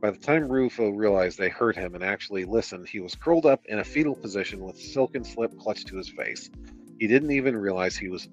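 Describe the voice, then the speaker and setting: A man's voice: lowish voice, brisk, highs cut off, faint music behind. A man reading a book aloud on stream, breaking off into sarcastic, exasperated commentary full of swearing.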